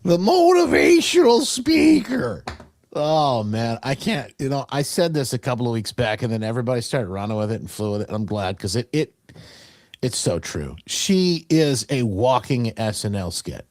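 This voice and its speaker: A man's voice: medium pitch, normal speed. A male talk show host giving opinionated political commentary in a mocking way, full of restarts. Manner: mocking, animated, trailing restarts.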